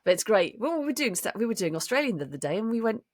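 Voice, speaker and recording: A woman who co-hosts a podcast and works as a voice actor chats casually about voice acting, explaining things enthusiastically and restarting often. Her slightly high, slightly mellow voice swings widely in pitch as she talks rapid-fire. The studio recording is clean, with no echo.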